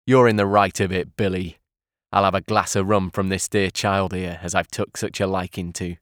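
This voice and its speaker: A man's voice: deep voice, flat delivery, moderate pace, a bit bright, no room sound, studio quality. A man doing a sly, wheedling old pirate. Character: fawning, sneering old male pirate.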